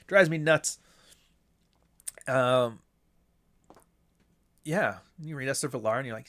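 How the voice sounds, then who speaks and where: Man, solo podcast host, casual rambling talk, lots of swearing, mid-pitched voice. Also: moderate pace, long pauses, fairly bright tone. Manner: profane, rambling, mocking asides.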